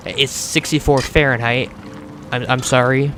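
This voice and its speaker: A man's voice: medium pitch, fairly even intonation, unhurried, background noise. An American man hosting a gaming channel, giving chatty let's play commentary as he plays, swearing freely and restarting words. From United States.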